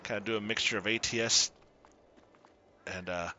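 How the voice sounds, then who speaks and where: A man giving casual commentary while streaming a farming game, chatty and quick to laugh as he greets his viewers. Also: lowish voice, steady tone, bright, forceful tone, lo-fi sound. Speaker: gaming streamer.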